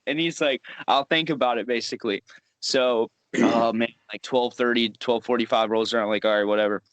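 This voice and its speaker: A man's voice: medium pitch, fairly even intonation, fairly quick, a bit bright, no echo. A young man co-hosting a podcast, telling a rambling, profane work story with lots of laughing. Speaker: podcast co-host. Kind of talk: casual storytelling chat.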